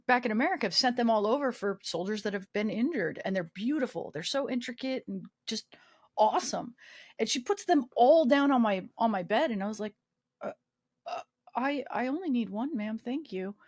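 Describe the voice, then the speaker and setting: A woman's voice: on the high side, animated, normal speed, no room sound, studio quality. A woman guest recounting a personal story in a casual interview, acting out the quoted dialogue and swearing freely. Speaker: guest, army veteran.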